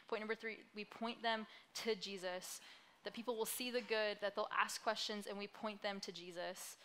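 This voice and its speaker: A woman's voice: medium pitch, sharp tone, smooth. A young woman in her twenties giving a sermon from a church stage in a conversational, self-deprecating way with light laughs. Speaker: pastor.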